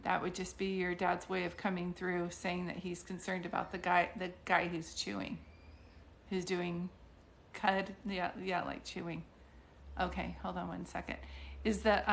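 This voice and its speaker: A woman's voice: fairly low pitch, vocal fry, slight background noise. A middle-aged woman doing psychic readings on a live stream, talking in a chatty, rambling way with many restarts and fillers.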